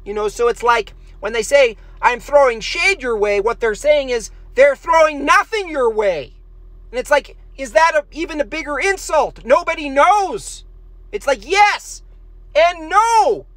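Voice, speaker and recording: A man streaming as he draws, talking in a rambling way with deadpan jokes and trailing fillers. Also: very high voice, measured pace, no room sound. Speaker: artist streaming while drawing. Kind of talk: casual rambling stream chat.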